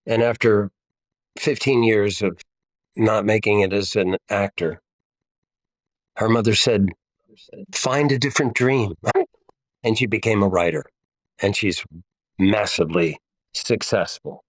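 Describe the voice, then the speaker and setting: An older man with a fairly low voice, giving blunt, wryly humorous answers as an interview guest. His stories come in a relaxed, conversational way. The sound is dry and close to the mic. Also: a little slow, long pauses, no echo. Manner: blunt, wry storyteller.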